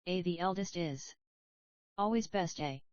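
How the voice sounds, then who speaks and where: A woman voicing a big, ugly, possessive old toad mother, gruff and coarse, in a dull lo-fi recording. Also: fairly low pitch, measured pace, dry recording, lightly acted.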